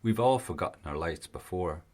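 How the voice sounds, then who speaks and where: A man's voice: deep voice, animated, normal speed, darkish tone. A man voicing a friendly male climber with a British accent, lighthearted and easygoing.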